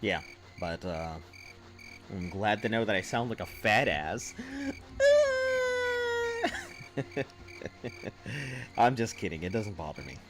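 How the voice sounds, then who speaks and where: A man's voice: sits low, moderate pace, a bit bright, faint music behind. A man streaming a game, chatting casually with viewers in a rambling, offhand way full of fillers. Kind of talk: casual live-stream chat.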